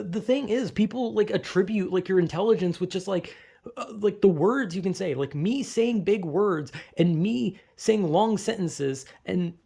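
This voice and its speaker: A man's voice: sits high, gravelly, a little mellow, breathy edge. A young man in a rambling, profane, self-deprecating casual monologue, full of fillers and restarts.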